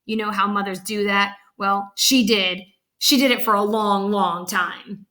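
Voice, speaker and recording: A woman's voice: mid-range voice, steady tone, normal speed, pushed and bright. A woman reading a children's picture book aloud, chatting about the pictures as she goes.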